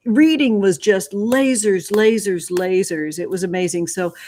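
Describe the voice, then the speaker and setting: A woman hosting a casual tarot livestream, greeting viewers one by one with effusive, affectionate warmth and calling them sweetheart. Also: lowish voice. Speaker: livestream host, tarot reader.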